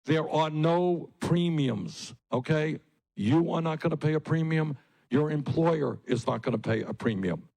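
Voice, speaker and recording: A man speaks to a crowd at a political rally. His delivery is emphatic and repetitive, and he hammers short phrases as his voice rises to loud, forceful peaks. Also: fairly high pitch, animated, unhurried, gravelly, low-quality recording. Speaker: political candidate. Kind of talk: campaign rally speech. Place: public rally.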